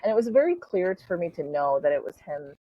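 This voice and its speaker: A woman's voice: fairly low pitch, very animated, fast talker, slightly rough. A middle-aged woman guest on a podcast, chatting casually through a personal story with lots of "like" and "you know", laughing easily. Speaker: podcast guest, spiritual coach. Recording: slightly dull lo-fi sound.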